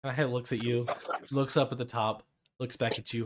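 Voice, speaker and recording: A man's voice: medium pitch, little pitch movement, brisk, slight background noise. A man narrating as game master of a tabletop game, rambling with frequent restarts. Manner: rambling with many restarts and fillers.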